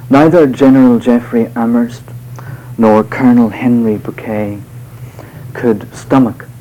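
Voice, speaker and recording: Slow, mellow-voiced man reading poetry. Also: medium pitch, steady tone, muffled recording. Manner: measured, unhurried verse delivery with hesitant asides. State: voice slightly off tonight. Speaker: poet giving a reading. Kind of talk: poetry reading with spoken asides. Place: live venue with an audience.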